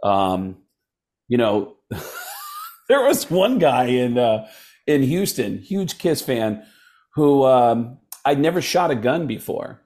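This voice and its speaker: A man tells a story in a relaxed, conversational way on a podcast. His voice sits at an ordinary middle pitch, and he often pauses with ums and starts his sentences over. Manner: halting, many ums and restarts. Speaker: podcast guest, comedian. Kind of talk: casual storytelling.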